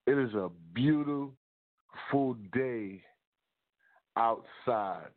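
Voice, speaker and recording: A man in New York talking excitedly to the camera, giving repeated shout-outs, close to the mic. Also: medium pitch, moderate pace, pauses often, narrow, tinny audio. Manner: hyped, repetitive shout-outs. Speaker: video blogger. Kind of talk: excited casual monologue.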